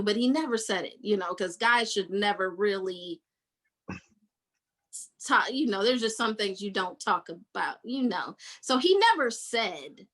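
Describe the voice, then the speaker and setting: A woman's voice: mid-range voice, expressive, unhurried, a bit bright, low-quality recording. A woman podcast host recapping a book in casual chat, telling the story with energy and acting out the characters' lines.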